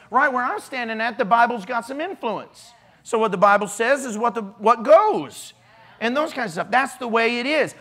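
A man preaching a casual, joking sermon in a church, with animated swings in pitch and loudness. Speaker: pastor.

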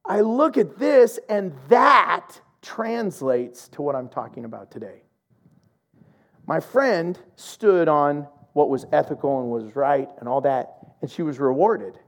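A man preaching a sermon as a pastor, who explains a teaching and then tells a lively personal story, acting out the voices of the people in it. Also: mid-range voice, measured pace.

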